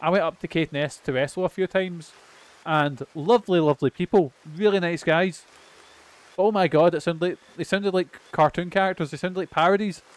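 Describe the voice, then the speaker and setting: A man's voice: sits high, normal speed, smooth. A Scottish man streaming a game, rambling and chatting casually while swearing now and then. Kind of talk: casual gameplay chat.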